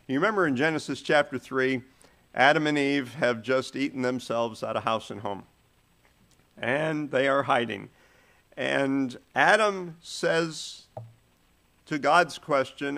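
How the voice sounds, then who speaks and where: A man's voice: medium pitch, measured pace, vocal fry, a bit bright. A man preaching a sermon, telling stories with shifting volume and pace.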